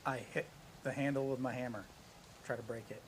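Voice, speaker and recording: A man playing a tabletop game, talking in a halting way as he thinks aloud. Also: mid-range voice, fairly even intonation, a little hiss or hum. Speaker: player. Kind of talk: casual tabletop play.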